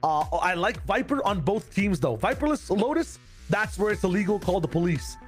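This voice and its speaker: High-voiced male esports caster. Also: very animated, soft background music. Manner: quick, joking banter between plays. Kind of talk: esports play-by-play commentary.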